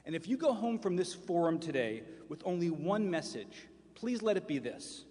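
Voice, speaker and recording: A man in his fifties giving a formal speech as county chairman from a podium, measured and emphatic, repeating key lines. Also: high-pitched, very animated, darkish tone. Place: large event hall. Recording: long hall reverb from a public forum.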